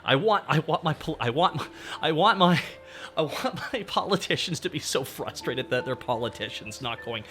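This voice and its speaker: Male VTuber host, bright and animated delivery, fired-up profane rant to his chat. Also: on the high side, normal speed, soft background music. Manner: ranting, profane, talks straight to chat. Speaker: VTuber streamer. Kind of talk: casual livestream chat.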